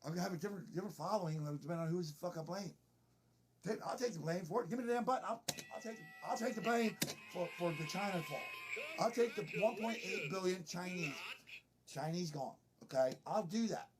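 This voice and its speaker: Give me a boastful, rambling comedian with a highish voice. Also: male voice, fairly quick, background noise. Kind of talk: improvised comedy monologue.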